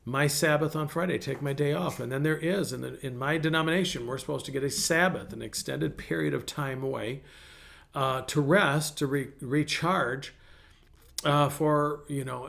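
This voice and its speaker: A man's voice: mid-range voice, gravelly, fairly bright tone. A middle-aged male pastor preaching a conversational sermon, telling personal stories in a folksy way with frequent restarts.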